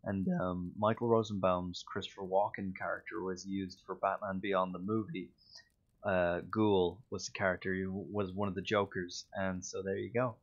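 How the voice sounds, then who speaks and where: Low-voiced Irish man chatting on a stream. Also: little pitch movement, moderate pace, muffled recording. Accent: Irish, Dublin. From Ireland. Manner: anecdotal, self-mocking, with frequent fillers and restarts. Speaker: voice actor streaming. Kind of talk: casual livestream chat.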